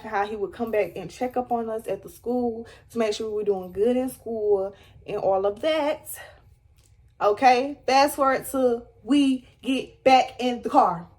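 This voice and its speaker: A young woman telling a dramatic storytime to her viewers, animated and emphatic. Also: fairly high pitch. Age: young adult. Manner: animated, dramatic retelling with rising squeals. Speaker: storyteller vlogger. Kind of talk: storytime vlog.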